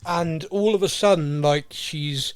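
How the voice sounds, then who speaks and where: A man co-hosting a podcast, talking excitedly in casual chat and acting out characters' lines. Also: a little high, a little slow. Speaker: podcast co-host.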